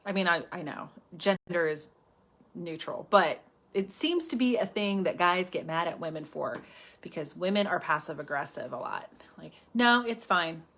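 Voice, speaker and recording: A woman hosting a live self-help talk, chatty and animated, often dropping to a whisper for asides. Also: lowish voice, moderate pace. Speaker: healing coach hosting a live stream.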